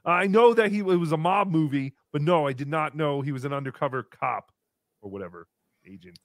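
A man's voice: fairly high pitch, fairly quick, dry recording, lightly acted. A man voicing a small, crude, giggly green puppet creature who hosts a comedy stream, reads out donations and talks about himself in the third person. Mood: cheeky. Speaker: puppet host reading donations. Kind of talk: comedy livestream puppet act.

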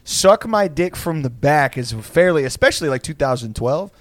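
A man's voice: fairly high pitch, expressive, moderate pace, no echo. A young man from Texas, rambling through crude comedic banter, laughing often and acting out insults. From South Houston, Texas.

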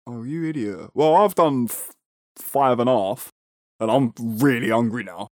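A man's voice: medium pitch, measured pace, no echo, clean studio sound. A man co-hosting a podcast, chatting casually and poking fun at himself, using slang like "bruv" and "innit". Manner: chatty and self-deprecating, says "bruv" and "innit". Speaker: podcast co-host. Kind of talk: casual chat. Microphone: personal microphone.

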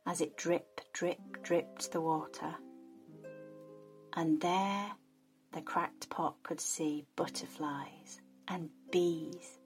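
A woman telling a folk tale in a soft, soothing, relaxing way. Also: low-pitched. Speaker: storyteller. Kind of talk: relaxing storytelling.

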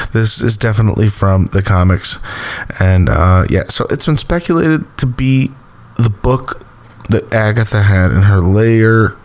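Man, lowish voice, casual TV recap, rambling, lots of ums. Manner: rambling, filler-heavy, chuckling. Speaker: TV recap host.

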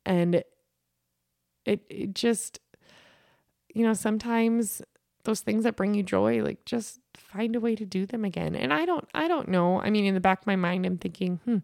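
A woman's voice: mid-range voice, moderate pace, creaky, a little mellow, dry recording, clean studio sound. A woman in her thirties, a podcast host, telling a personal story about grief in an earnest, rambling way with many fillers and restarts.

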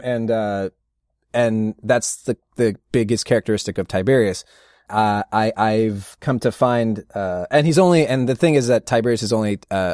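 A man's voice: lowish voice, no room sound, clean studio sound. Chatty man telling rambling stories. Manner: rambling, animated storyteller who laughs often. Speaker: interview guest, voice actor. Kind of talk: casual anecdotal chat.

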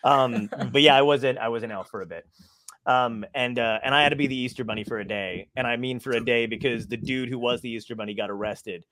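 A man who does stand-up comedy, telling stories in casual chat, animated and profane. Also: medium pitch, quick pace.

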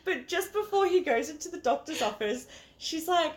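A woman's voice: sits high, expressive, normal speed. A woman co-hosting a casual film review podcast, giggling as she recaps scenes. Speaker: podcast co-host.

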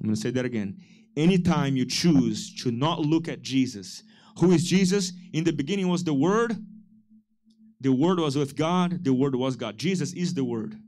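A man's voice: medium pitch, a little mellow. A man preaching a sermon with passion, acting out the voices he quotes. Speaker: pastor.

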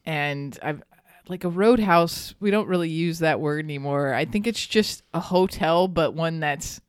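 A woman's voice: sits low, a little slow, clear, resonant tone, dry recording. A woman hosting a podcast, telling a local history story in a chatty, casual way and laughing often. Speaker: podcast host.

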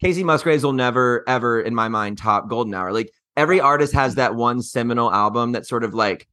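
A man from Mississippi co-hosting a podcast, chatting in a snarky, animated way. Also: medium pitch, fairly quick, no room sound, clean studio sound. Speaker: podcast co-host. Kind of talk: casual chat.

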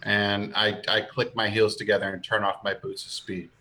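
A man's voice: on the low side, little pitch movement, moderate pace, sharp tone, low-quality recording. A man playing a tabletop game, playful and eager. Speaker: player.

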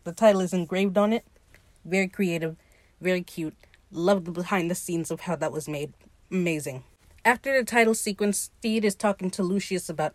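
A woman hosting a podcast, talking in a casual, slangy and profane way, opinionated and animated as she recaps. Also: on the low side, moderate pace, no echo. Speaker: podcast host recapping a TV episode. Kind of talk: casual chat.

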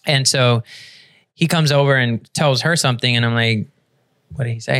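A man hosting a casual podcast, telling a story in an animated, profane way and laughing as he goes. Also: mid-range voice, moderate pace. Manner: animated, profane storyteller who laughs through his stories. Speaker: podcast host.

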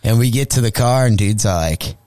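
A man's voice: fairly low pitch, moderate pace, dry recording. A male comedian telling a profane comic story as a guest, acting out the voices he quotes. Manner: animated, acts out quoted voices. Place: radio studio.

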